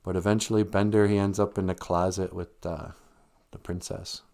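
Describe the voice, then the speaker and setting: A man's voice: low voice, little pitch movement, moderate pace, vocal fry, darkish tone. A man hosting a livestream, retelling a story in a rambling, joking, conversational way. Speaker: livestream host. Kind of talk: casual storytelling.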